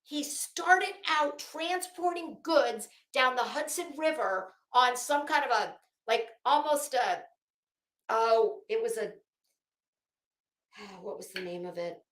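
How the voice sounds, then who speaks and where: Animated yet slow, a woman with a fairly high, slightly bright voice hosts a casual live chat for her commentary channel, and the recording sounds roomy. Hailing from Florida, she rambles effusively and keeps cutting herself off mid-sentence.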